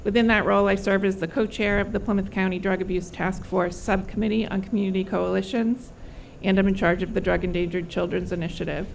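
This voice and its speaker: A woman's voice: medium pitch, level tone, fast, gravelly, slight background noise, poor audio. A woman working as a county programs coordinator, giving a businesslike, informative introduction at a public event. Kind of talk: formal introduction speech.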